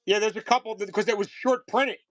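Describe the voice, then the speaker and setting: A man's voice: high voice, fairly quick, dry recording. A man in his thirties selling trading cards on a live stream, chatting casually in a rambling way with frequent restarts. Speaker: card seller on live stream.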